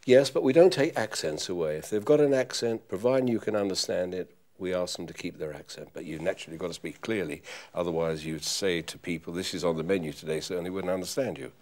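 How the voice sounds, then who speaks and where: An older man with a softened London accent, his deep voice polite and formal. He answers interview questions in a measured way, like a seasoned professional toastmaster. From East End of London. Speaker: professional toastmaster and butler school head.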